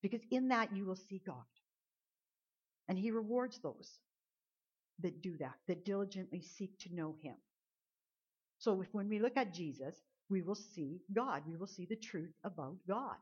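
A woman's voice: mid-range voice, expressive, normal speed, pauses often, darkish tone, breathy edge. A woman pastor preaching a sermon at a church service, earnest and conversational, often repeating words as she builds a point. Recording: dull lo-fi sound.

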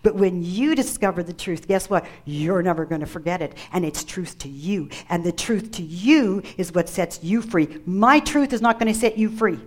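A woman preacher delivering a sermon, emphatic, repeating key phrases and calling on listeners by name. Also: mid-range voice.

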